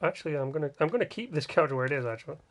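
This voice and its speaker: A man's voice: a little high, lively intonation, very fast, a little hiss or hum. A man casually commenting while building in a game livestream, joking and grumbling in a rambling way. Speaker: game streamer.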